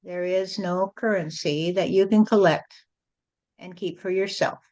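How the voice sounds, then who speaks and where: A woman speaking as a spiritual channel, delivering a message in a slow, repetitive, rhyming preaching cadence. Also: fairly low pitch, fairly even intonation, darkish tone. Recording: dull lo-fi recording.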